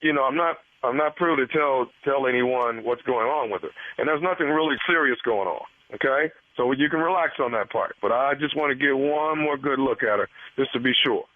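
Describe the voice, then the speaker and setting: A man's voice: mid-range voice, brisk, hardly any pauses, close to an everyday voice. A man playing a sleazy male doctor in a radio prank call, talking in a hesitant, stammering, sly way. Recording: tinny phone line.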